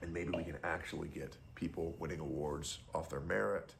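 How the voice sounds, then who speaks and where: Low gravelly man ranting bluntly. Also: steady tone, fairly quick, background noise. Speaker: streamer. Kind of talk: casual stream commentary.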